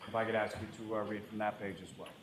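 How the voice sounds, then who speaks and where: A man's voice: lowish voice, monotone, fast talker. A man questioning a witness in court as an attorney, formal and polite, repeating set phrases. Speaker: trial attorney. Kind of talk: courtroom direct examination. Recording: roomy courtroom with background noise.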